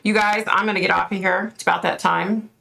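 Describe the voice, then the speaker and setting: A woman's voice: medium pitch, fairly even intonation, a little fast, creaky, pushed and bright. A middle-aged woman from the United States, chatting casually on a live stream as a psychic host, laughing often and thanking viewers by name. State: overheated and sweating. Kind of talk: casual live-stream chat reading comments.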